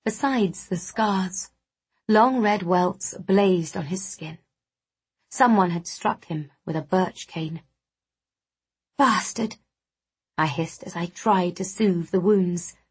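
Slow, breathy woman reading a story out loud, measured and steady. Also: fairly low pitch. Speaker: audiobook narrator. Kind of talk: first-person audiobook narration.

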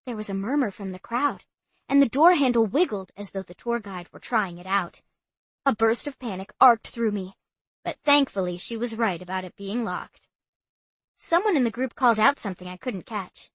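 A woman reading a first-person story aloud in an expressive, animated way. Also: mid-range voice, moderate pace, dry recording. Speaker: audiobook narrator.

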